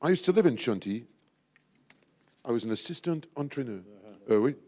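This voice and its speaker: A man's voice: mid-range voice, animated, normal speed, dark tone. A man emceeing a live event, jovial and teasing, sprinkling in French phrases. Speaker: event host at a draw.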